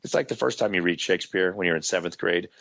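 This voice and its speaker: A man, a guest in a casual interview, telling animated anecdotes and checking in with "right?". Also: low-pitched, quick pace, gravelly, no echo, muffled recording. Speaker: actor guest.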